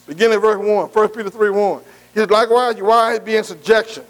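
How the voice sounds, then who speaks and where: A high-voiced man preaches a sermon as pastor in a church, speaking quickly with fairly even intonation. His call-and-response delivery keeps testing the congregation and calling for "amen," and the recording is rough.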